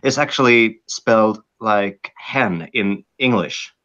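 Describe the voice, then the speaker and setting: A man with a Swedish accent talks in a lowish voice, hesitating often and restarting his sentences. His audio sounds dull and lo-fi, as if recorded on a modest setup. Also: slow, fairly bright tone, a little hiss or hum. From Sweden. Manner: hesitant, many fillers and restarts. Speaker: guest. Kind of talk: casual podcast chat.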